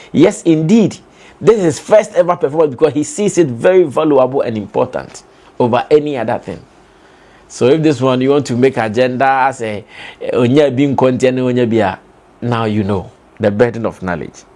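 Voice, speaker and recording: A young Ghanaian man with a Ghanaian accent giving emphatic entertainment commentary, full of rhetorical questions and fillers. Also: mid-range voice. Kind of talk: animated opinion commentary.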